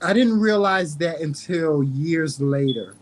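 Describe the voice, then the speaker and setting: A man's voice: fairly high pitch, lively intonation, a little slow, crowd noise. A man with a Southern American drawl, hosting a casual conversation, earnest and often restarting his sentences. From North Carolina. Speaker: host.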